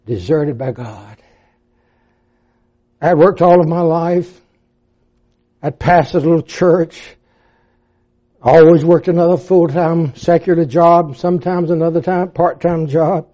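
An older man preaching a sermon, dropping to a hush and then rising to impassioned, pleading peaks. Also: a little high. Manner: dramatic, swinging from hushed to impassioned. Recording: dull lo-fi sound.

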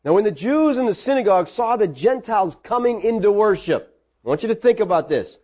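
A man preaching a sermon, animated and acting out the voices of the people in the story. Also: sits high, fairly quick.

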